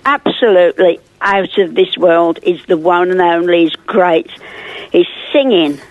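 A woman's voice: fairly low pitch, measured pace, no echo. Casual: old lady on the phone to a radio show, digs in, sounds dull and lo-fi. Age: 80s. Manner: emphatic, stubborn. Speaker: caller. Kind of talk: phone-in chat.

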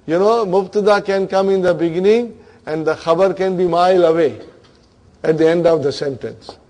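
A man's voice: sits high, moderate pace, a little mellow. A man teaching a grammar class, questioning his students and checking in with them often.

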